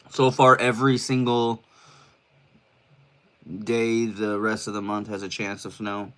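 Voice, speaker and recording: A man's voice: mid-range voice, slow pace, long pauses, fairly bright tone. Breathless, rambling laid-back streamer man. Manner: laid-back, rambling, swears casually, says "dude" often. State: short of breath, coughing. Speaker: live streamer. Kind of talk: casual solo livestream chat. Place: his own room, indoors.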